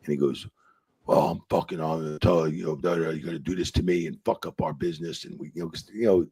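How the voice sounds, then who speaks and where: Gravelly-voiced man telling road stories. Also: rumbling low, steady tone, quick pace, warm tone, no room sound. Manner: swears freely, acts out quotes animatedly. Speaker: retired wrestling referee, guest. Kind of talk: casual storytelling interview.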